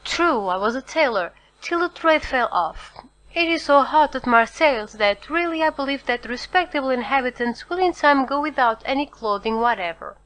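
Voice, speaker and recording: A woman voicing a fawning middle-aged male innkeeper, hurried and eager to please. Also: sits high, expressive, fairly bright tone, pitched above the performer's own voice, low-quality recording. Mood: eager, apologetic. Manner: hurried, obsequious.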